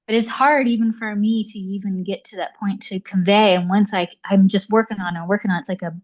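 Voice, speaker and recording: Woman guest on a podcast, mid pitch, lots of "like" and "you know", kinda muffled audio. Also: fairly quick, few pauses. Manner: animated, uses many fillers like "like" and "you know". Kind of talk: personal storytelling in conversation.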